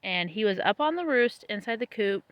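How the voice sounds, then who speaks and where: A woman vlogging casually about her homestead, tired after planting, chatty and laughing often, her voice trailing off softly. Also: medium pitch, animated, normal speed, no echo, rough recording. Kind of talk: casual vlog talk to camera. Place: outdoors on a small homestead.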